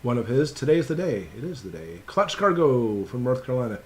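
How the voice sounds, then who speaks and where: A man's voice: medium pitch, big pitch swings, brisk. A man hosting a casual live stream Q&A, reading viewers' names off his computer and greeting each one in an upbeat, chatty way.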